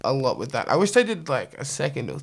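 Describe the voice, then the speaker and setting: A man in casual chat, talking in an animated, excitable way with lots of laughter. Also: mid-range voice, fast, vocal fry, slightly rough.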